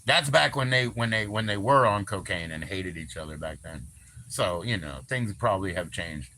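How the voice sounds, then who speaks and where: Bright, loose-talking man on a livestream. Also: low-pitched, lively intonation, moderate pace, slight background noise. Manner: loose, swearing, laughs often, lots of fillers. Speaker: livestream host. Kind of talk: casual rambling livestream chat.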